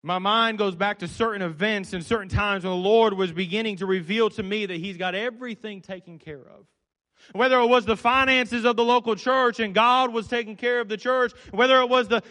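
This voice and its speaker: A man preaching a sermon as pastor, swinging between loud fervent passages and soft low ones. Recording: long hall reverb.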